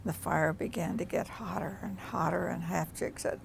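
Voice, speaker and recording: Gravelly woman telling a folk tale. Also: lowish voice, steady tone, normal speed, few pauses, a little hiss or hum. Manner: rhythmic, repeating refrains. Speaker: storyteller. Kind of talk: oral children's storytelling.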